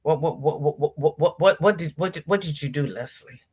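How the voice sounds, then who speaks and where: A woman's voice: low-pitched, moderate pace, a little mellow, breathy edge. A middle-aged woman hosting a casual livestream, greeting viewers by name and reading out their chat comments. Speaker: livestream host.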